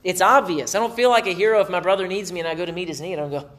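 Male pastor, middle-aged, relaxed talky sermon delivery, voice sits a touch high. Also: rapid-fire. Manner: conversational, animated preaching with acted asides.

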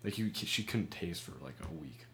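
A man's voice: sits low, expressive, moderate pace, fairly bright tone, a little hiss or hum. A young man co-hosting a casual podcast, talking in a laid-back, slangy way with lots of fillers. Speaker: podcast co-host.

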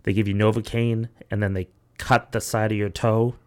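Young man, fairly low voice, casual podcast host, rambling and profane, filler-heavy storytelling. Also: little pitch movement, normal speed, smooth. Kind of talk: casual chat.

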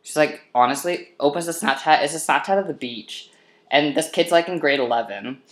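A woman with a low voice tells a personal story in a casual chat. She is animated and swears a lot. The room has a noticeable echo. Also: fairly quick. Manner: animated, swearing, breaks into laughter. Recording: echoey room.

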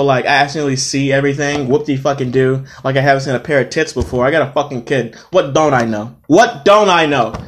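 A man hosting his own podcast, telling a workplace story in a profane, animated way and tired after a long day. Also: fairly high pitch. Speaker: podcast host. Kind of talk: casual storytelling monologue.

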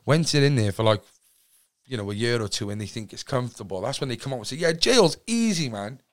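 A man's voice: mid-range voice, quick pace. A man with a South Wales accent, a podcast guest telling stories in casual chat, swearing freely and rambling with many restarts. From Cardiff, Wales.

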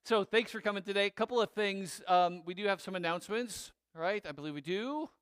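A man giving casual church announcements with a relaxed, chatty manner. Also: high voice, brisk, smooth, no room sound. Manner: relaxed, chatty, laughs easily, trails off.

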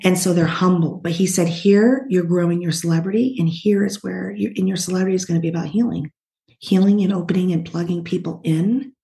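Woman medium, lowish voice, echoey room. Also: brisk, creaky. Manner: warm, animated, relays spirit messages in quotes. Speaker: psychic medium guest. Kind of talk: casual podcast reading.

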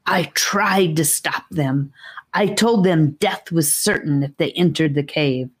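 A woman's voice: sits low, takes it slowly, husky, full character voice. A woman reading an audiobook, voicing a sly, frightened female snake servant with a hissing, venomous manner. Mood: whining.

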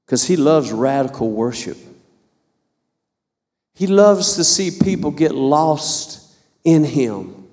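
Fervent high-voiced preacher in his fifties. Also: expressive, slow, pauses often, darkish tone, long reverb tail. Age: 50s. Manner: fervent, repetitive preaching with stammered restarts. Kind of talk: sermon.

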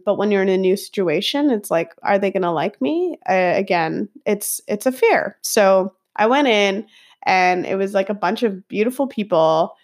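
A woman in her thirties, a podcast host telling a personal story in an earnest, rambling way, full of fillers. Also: medium pitch. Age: 30s.

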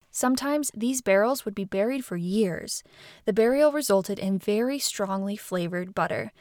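A woman narrates a documentary script at a measured, steady pace. Her voice sits at a middle pitch and sounds dry and close to the mic, with almost no room around it. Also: no echo. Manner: even, measured reading of facts.

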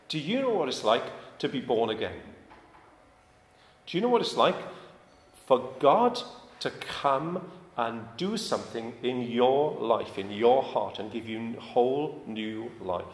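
A man preaching a sermon, talking in a conversational way and putting questions to the congregation with emphasis. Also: mid-range voice. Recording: echoey hall, faint ambience.

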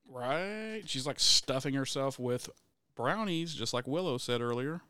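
A man chatting casually as a podcast co-host, relaxed and jokey, hedging his asides. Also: medium pitch, moderate pace, clear, resonant tone, no room sound, studio quality. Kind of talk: casual chat.

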